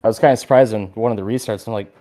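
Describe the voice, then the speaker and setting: A man's voice: fairly low pitch, racing. Podcast co-host, male, casual storyteller with a lot of swearing. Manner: animated storyteller, swears freely.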